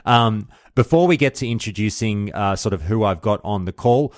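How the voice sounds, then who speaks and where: A man's voice: lowish voice, moderate pace, no room sound, studio quality. A man hosting a call-in podcast, chummy and effusive, calling everyone mate. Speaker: podcast host. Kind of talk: casual call-in chat. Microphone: call recording.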